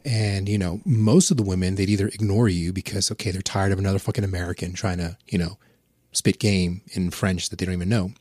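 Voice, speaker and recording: A man's voice: low voice, fairly even intonation, fairly quick, darkish tone, no echo, clean studio sound. A man chatting casually on a podcast, telling rambling, profane anecdotes. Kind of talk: casual chat.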